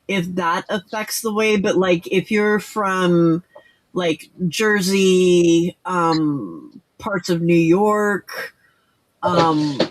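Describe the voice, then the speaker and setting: An older woman hosting a casual late-night crafting livestream, rambling with many fillers and restarts. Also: fairly low pitch.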